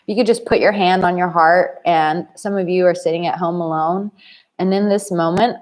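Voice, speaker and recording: Effusive woman dating coach live. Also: fairly low pitch. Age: 30s. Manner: effusive, blunt and animated, reads viewer comments aloud. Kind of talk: live stream chat with viewers. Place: home in Bali.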